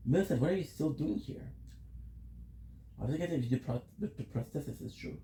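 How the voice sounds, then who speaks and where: A man's voice: on the high side, expressive, a little fast, warm tone, reverberant, a little hiss or hum. A tired man chatting casually with his viewers while streaming a game, rambling and answering questions from chat.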